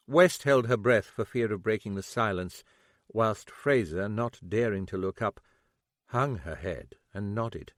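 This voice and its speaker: A man narrating a mystery audiobook in a measured, expressive way. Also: on the low side, no echo, clean studio sound.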